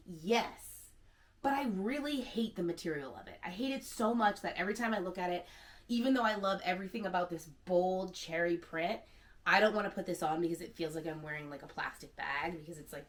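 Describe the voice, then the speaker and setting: A candid, chatty woman in her thirties, talking on camera at home with a low, easy voice. She keeps it loose, with lots of little "like"s, in a casual vlog. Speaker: secondhand stylist.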